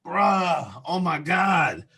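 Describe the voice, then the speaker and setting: A young man with a high, bright and husky voice tells stories on a casual podcast. He gets animated and acts out the people he quotes, loud and lively. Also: extremely slow. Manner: animated storyteller who acts out quotes loudly. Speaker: podcast co-host. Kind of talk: casual chat, storytelling.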